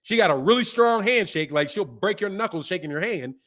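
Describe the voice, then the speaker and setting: A man's voice: sits high, animated, fairly quick, a bit bright. A man hosting a boxing channel, chatting loosely and telling stories, with lots of "man" and "bro". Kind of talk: casual live-stream chat.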